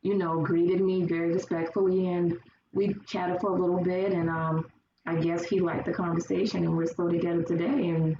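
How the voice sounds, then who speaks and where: A woman's voice: on the low side, normal speed. Woman guest in an echoey, distant recording. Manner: animated storyteller who acts out quotes. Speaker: podcast guest. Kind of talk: casual conversation. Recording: echoey, distant, dull lo-fi, faint noise.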